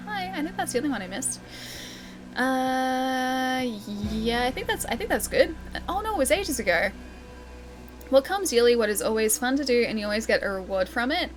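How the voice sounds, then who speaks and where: This livestreamer has a high-pitched voice with lively intonation and speaks at normal speed, with music playing behind her. With an Australian accent, she plays a game live, chats and laughs a lot, and reads viewers' chat aloud while answering it.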